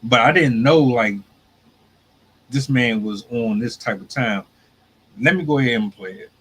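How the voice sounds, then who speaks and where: A man's voice: mid-range voice, measured pace, a bit bright, slight background noise, poor audio. A man hosting a podcast, talking in a loose, rambling, slangy way before playing a clip. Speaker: podcast host. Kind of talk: casual commentary.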